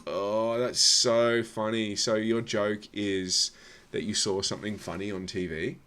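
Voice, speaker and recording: A man's voice: lowish voice, level tone, unhurried, background noise. A man giving casual sarcastic commentary as a reaction video host, swearing and muttering asides.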